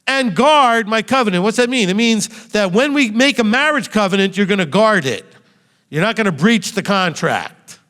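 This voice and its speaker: A male rabbi with a high, slightly bright voice preaches a sermon animatedly in a meeting room with a congregation, asking them direct rhetorical questions. The hall gives the recording a long reverb.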